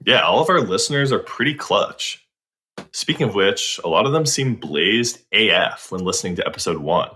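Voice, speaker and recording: A man's voice: lowish voice, expressive, moderate pace, sharp tone. A man co-hosting a podcast in casual comedic chat, talking in a slangy, laid-back way. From United States. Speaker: podcast co-host.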